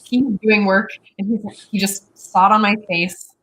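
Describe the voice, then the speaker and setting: A woman's voice: medium pitch, level tone, moderate pace, low-quality recording. Chatty woman hosting an interview. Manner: chatty, warm personal stories, filler-heavy. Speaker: show host. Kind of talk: interview conversation.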